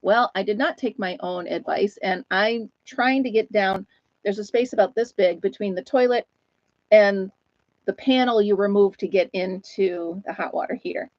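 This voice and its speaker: With a medium-pitched, darkish voice, a chatty woman runs a casual live chat stream, rambling through stories and breaking off to greet viewers by name. The recording is close and dry with no room sound, a little dull and lo-fi.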